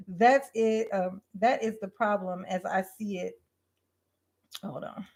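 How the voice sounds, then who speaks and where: Woman host, casual live stream rant, blunt and profane, halting with fillers. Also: mid-range voice. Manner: blunt, profane, animated, lots of fillers and restarts. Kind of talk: casual livestream advice rant.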